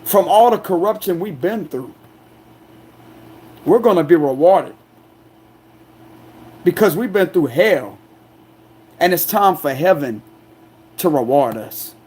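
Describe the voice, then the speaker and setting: A man delivering an angry, defiant monologue as a tarot reader, confrontational and forceful, repeating himself to drive points home. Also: a little high, lively intonation, slow pace, long pauses, husky. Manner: loud, forceful, aggressive delivery.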